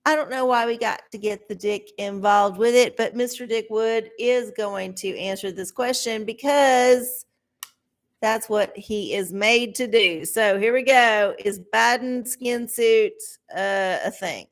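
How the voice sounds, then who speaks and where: A woman's voice: on the high side, measured pace. A middle-aged woman reading oracle answers on a live stream, rambling, swearing and sarcastic. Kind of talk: casual live-stream chat.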